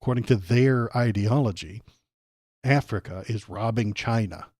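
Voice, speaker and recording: A man's voice: on the low side, moderate pace, darkish tone, no room sound, studio quality. A man hosting a political livestream, ranting casually over clips in a sarcastic, mocking way and swearing freely.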